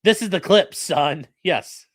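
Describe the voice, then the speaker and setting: A man's voice: high-pitched, slow, fairly bright tone, no room sound, clean studio sound. A man hosting a casual livestream, talking bluntly with profane, mocking asides. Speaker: livestream host and lawyer.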